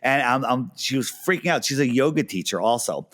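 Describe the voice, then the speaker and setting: A man's voice: medium pitch, expressive, brisk, fairly bright tone. A middle-aged man in casual conversation, telling stories with enthusiasm and acting out the lines of people he quotes, with many restarts and fillers. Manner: enthusiastic storyteller, acts out quoted dialogue.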